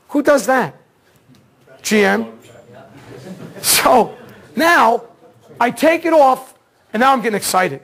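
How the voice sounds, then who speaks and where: A man teaching an automotive diagnostics seminar, telling a case story in a casual, excitable way and acting out the dialogue. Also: very high voice, slow, vocal fry, pauses often. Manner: casual slangy talk, repeats words. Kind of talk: seminar lecture.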